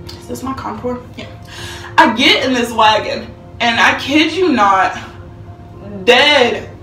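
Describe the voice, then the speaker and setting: A woman's voice: fairly high pitch, roomy sound, distant mic. A young woman telling a dramatic storytime vlog, acting out quotes with bursts of laughter. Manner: animated, dramatic retelling with acted-out quotes and laughter. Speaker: vlogger.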